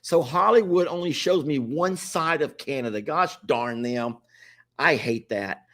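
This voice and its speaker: A man's voice: a little high, lively intonation, moderate pace, a bit bright. A man casually hosting a livestream, chatting and pleading with viewers to join. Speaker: livestream host.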